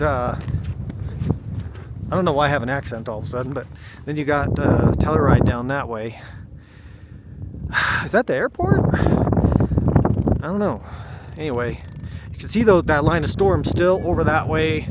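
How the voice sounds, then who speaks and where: A man's voice: medium pitch, normal speed, long pauses, heavy background noise. A man vlogging his motorcycle ride over a mountain pass outdoors, talking casually and exclaiming with open emotion. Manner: excitable, exclaiming, openly emotional. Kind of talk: casual narration while riding.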